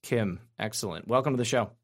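A man's voice: lowish voice, a little fast. A man hosting a livestream call-in show, reassuring with guests and upbeat when he takes callers. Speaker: show host.

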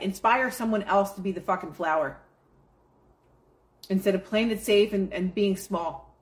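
A woman's voice: mid-range voice, normal speed, long pauses. A woman hosts a live stream and delivers a casual motivational pep talk. She preaches in a blunt, emphatic way and swears freely as she addresses her chat.

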